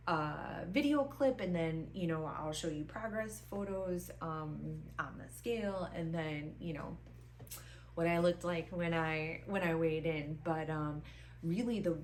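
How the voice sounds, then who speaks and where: Emphatic woman in her forties, low voice. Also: a little hiss or hum. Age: 40s. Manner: emphatic, repeats herself for stress, many ums. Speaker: vlogger. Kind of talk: casual motivational talk to camera. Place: seated indoors in front of the camera.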